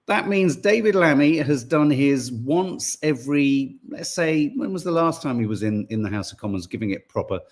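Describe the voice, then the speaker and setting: A man's voice: mid-range voice, animated, normal speed, hardly any pauses. A middle-aged man, co-hosting an opinion podcast in a rambling, sarcastic, exasperated way full of fillers. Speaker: podcast co-host. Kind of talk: casual opinion podcast monologue.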